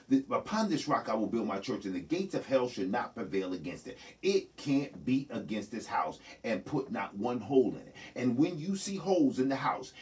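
Man preaching, pastor in a church, lively rising and falling pitch, a bit far from the mic, conversational sermon. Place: church sanctuary.

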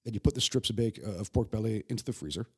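A young man with a New York accent talks quickly in a casual podcast conversation. His voice sits low and has a rough, husky grain. He swears freely, stacks restarts and tells his stories with animated emphasis. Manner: profane, animated storyteller with many stammered restarts. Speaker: guest chef.

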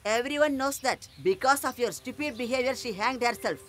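A woman's voice: a little high, brisk, fairly bright tone, lightly acted. A woman dubbing an indignant, confrontational village woman in an English film dub. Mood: angry.

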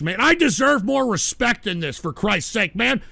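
Brief: male stream host, high gravelly voice, bright and dry, ranting at chat, erupts into shouts. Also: very animated, moderate pace, dry recording. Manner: combative, swings from mutters to shouting. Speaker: livestream host reading chat. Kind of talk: angry livestream rant.

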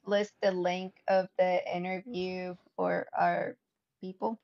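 A woman's voice: fairly low pitch, little pitch movement, takes it slowly, gravelly, muffled recording. A woman co-hosting a podcast, chatting casually and reacting with short agreements. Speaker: podcast co-host. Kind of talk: casual chat.

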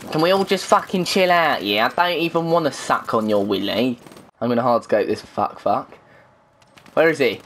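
A man giving rambling, crude, excitable commentary while playing an online shooter, often shouting at the game. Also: mid-range voice, moderate pace, a little hiss or hum. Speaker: gaming YouTuber. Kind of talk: live gameplay commentary.

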